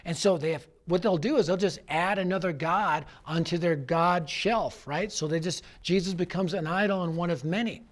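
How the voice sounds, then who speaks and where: A middle-aged man, a youth evangelist, telling a personal story as a sermon, acting out voices and dropping low and quiet for serious points. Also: normal speed, few pauses.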